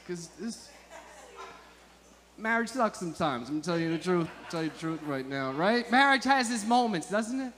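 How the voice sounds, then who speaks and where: A man doing stand-up crowd work, bantering with the audience in a loud, profane, joking way. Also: sits high, animated, normal speed. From Montclair, New Jersey. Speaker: stand-up comedian. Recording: echoey live comedy venue.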